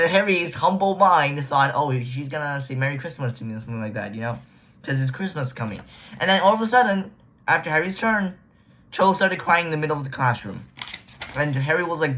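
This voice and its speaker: A man chatting casually through a book recap, tossing in slang and stumbling over restarts as his sentences trail off. His voice sits at an ordinary middle pitch, and the recording sounds muffled and lo-fi. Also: a bit bright. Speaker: book reviewer. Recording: dull lo-fi recording.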